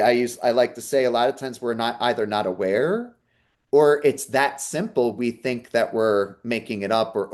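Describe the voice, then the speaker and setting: A man's voice: mid-range voice, darkish tone. A man who works as a psychic medium, giving an earnest inspirational talk and often checking in with listeners. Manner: earnest, repeats "okay?" to the audience. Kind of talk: inspirational talk with personal story.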